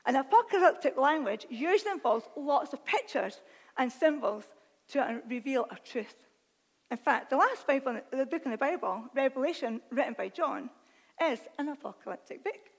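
A woman preaching a sermon, reading scripture aloud with animated, self-deprecating asides. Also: high voice, normal speed. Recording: long hall reverb.

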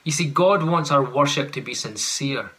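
A man's voice: mid-range voice, lively intonation, normal speed, bright, forceful tone. A man preaching a sermon, earnest and full of rhetorical questions, at times acting out sarcastic paraphrases.

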